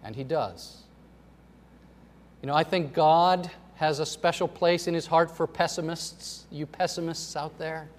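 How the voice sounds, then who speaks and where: A middle-aged man, a pastor, preaching a sermon in a storytelling way, swinging between loud emphasis and soft asides. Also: fairly high pitch, measured pace. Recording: long hall reverb.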